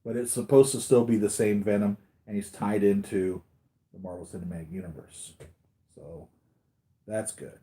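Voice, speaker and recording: A man's voice: fairly low pitch, fairly even intonation, normal speed, mellow. Rambling, enthusiastic male collectibles vlogger. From United States. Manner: rambling, enthusiastic fan talk with fillers. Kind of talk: live-stream chat.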